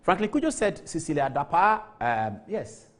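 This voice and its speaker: A man's voice: on the high side, sing-song, moderate pace. A middle-aged Ghanaian man hosting a TV talk show, giving emphatic studio commentary on the news and repeating words for effect. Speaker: TV show host.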